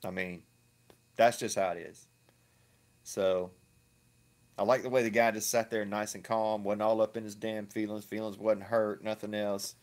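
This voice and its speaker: Low-voiced man ranting crudely. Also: little pitch movement, normal speed, pauses often. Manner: crude, profane and mocking, repeats himself. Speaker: online video commentator. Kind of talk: ranting reaction commentary.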